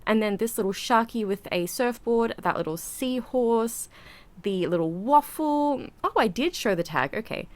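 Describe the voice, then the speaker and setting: A woman's voice: on the high side, expressive, moderate pace. Breathless, chatty woman. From Australia. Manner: chatty, rambling, giggly. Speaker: vlogger. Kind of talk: casual voiceover narration. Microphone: home voiceover mic.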